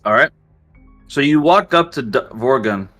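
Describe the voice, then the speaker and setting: A man runs a tabletop game as its game master, with a bright, forceful tone. His narration is casual and full of fillers. His voice sits at a middling pitch. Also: lively intonation, normal speed, soft background music.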